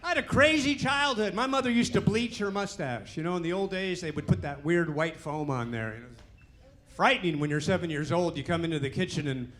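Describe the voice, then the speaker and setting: A middle-aged man doing a stand-up comedy set on a club stage, with punchy, animated delivery and a crowd laughing along. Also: high voice, a little fast. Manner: punchy, animated joke delivery with character voices. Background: audience laughter.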